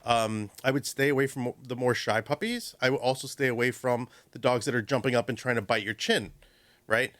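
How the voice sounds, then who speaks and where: Male dog trainer, radio guest, dry studio sound, mid pitch, animated storyteller who slips into voices. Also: no echo. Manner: animated, acts out dogs and owners in quick voices. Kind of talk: radio call-in advice. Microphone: studio microphone.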